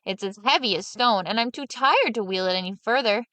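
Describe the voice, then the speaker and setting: A woman's voice: on the high side, animated, fairly quick, pushed and bright, no echo. A woman voicing a clever, scheming peasant man who talks in a sly, coaxing way, in a storybook reading.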